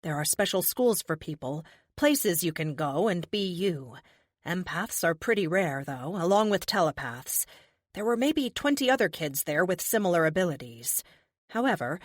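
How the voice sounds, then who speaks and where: Gentle young woman empath, low-ish voice, confiding, voiced by a woman narrator, close dry audiobook. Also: no room sound. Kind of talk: audiobook character voice.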